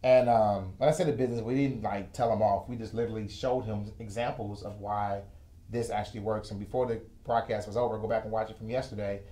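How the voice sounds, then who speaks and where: A host and financial educator runs a live-streamed finance lesson from a studio with a whiteboard, chatting casually and cracking jokes. His voice is lowish and dark, with fairly even intonation and a fast pace. The room sounds echoey.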